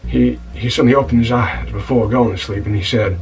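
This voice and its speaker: A man plays a put-upon scoundrel tavern keeper in a comedy web series, grumbling through an indignant tale full of stammered restarts. His voice sits at an ordinary mid pitch and comes from a little way off the mic. Soft music plays behind him. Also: steady tone, brisk, gravelly, recorded from a distance, natural voice, low-quality recording. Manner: rambling, indignant storytelling with stammered restarts, calling the listener "son". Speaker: title character of a comedy-drama web series. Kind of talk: comic monologue.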